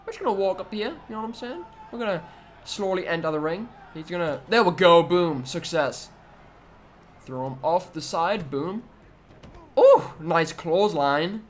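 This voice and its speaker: A young man giving excitable let's-play commentary on a wrestling video game, trash-talking the opponent with sudden loud outbursts. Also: high-pitched, normal speed, a little hiss or hum. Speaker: gaming YouTuber.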